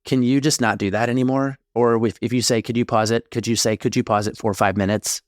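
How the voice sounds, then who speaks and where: A man co-hosting a podcast at a mid pitch, telling a story casually and wandering off into tangents. The sound is dry and close, with no room around it. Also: brisk, no echo. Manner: rambling, animated storytelling with tangents. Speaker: podcast co-host, therapist. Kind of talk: casual chat.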